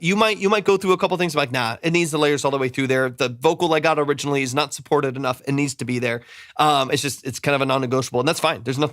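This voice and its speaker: A man's voice: on the high side, a bit bright, dry recording, studio quality. A man giving casual, hedging mix feedback as a music producer, repeating himself and humming parts with da-da sounds. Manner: hedging, repeats words, scats melodies with da-da. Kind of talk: casual live critique.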